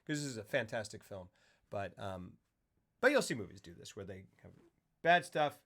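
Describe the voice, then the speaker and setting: A man co-hosting a casual film talk stream, animated, retelling scenes with voices and sound effects. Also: on the low side, moderate pace. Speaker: podcast co-host. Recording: livestream.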